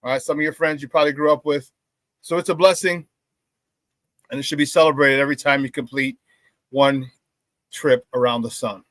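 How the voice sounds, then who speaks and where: A man hosting a live sports talk show, hyped and loud, with casual slangy banter as he reads out chat shout-outs. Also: mid-range voice, steady tone, brisk, long pauses, no echo.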